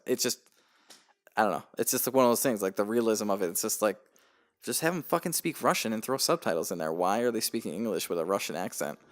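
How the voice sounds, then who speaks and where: A man's voice: fairly low pitch, quick pace. A man co-hosting a podcast, chatting casually and animatedly, swearing freely and ranting. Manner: animated, swears casually, does mocking quoted voices. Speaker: podcast co-host. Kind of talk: casual chat.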